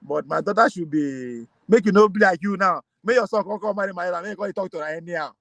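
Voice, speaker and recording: A man with a Nigerian accent talking politics in a casual way, animated and laughing often, mixing Pidgin and English. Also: high-pitched, fast, vocal fry, no echo. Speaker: political commentator.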